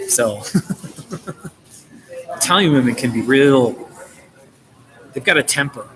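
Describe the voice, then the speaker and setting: Slow, chuckling American man in a noisy café. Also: mid-range voice, lively intonation, fairly bright tone. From United States. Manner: rambling, chuckles often between remarks. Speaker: live streamer. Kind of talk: casual live-stream chat. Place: busy coffee shop. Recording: noisy coffee shop background. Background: café chatter and noise.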